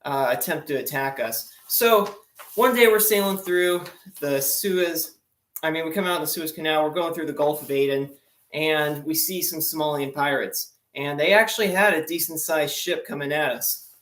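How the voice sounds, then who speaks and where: A man's voice: on the high side, moderate pace, fairly bright tone. A young man telling rambling sea-story jokes as a stand-up comedian, with lots of fillers. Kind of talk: joke-telling sea stories. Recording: echoey room.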